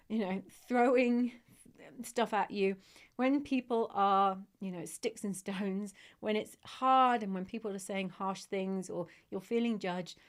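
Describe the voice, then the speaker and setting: A woman hosting a live podcast chat on dog training, warm and encouraging, getting emotional as she talks to her audience. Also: on the high side.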